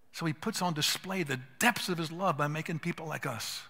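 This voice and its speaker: An older man teaches a live audience with earnest, emphatic delivery, slipping into little acted-out exchanges. His voice sits a touch high and bright with some edge. The sound carries the long reverb of a conference hall. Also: a little fast, vocal fry. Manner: earnest, emphatic, acts out quoted dialogue. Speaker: conference speaker.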